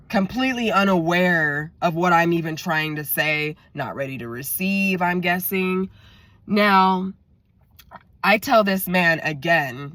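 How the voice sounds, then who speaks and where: A woman vlogger tells a story in a chatty style, speaking straight to her viewers and acting out what people said. Her voice is fairly low, expressive and fairly bright, and she speaks slowly. There's no echo.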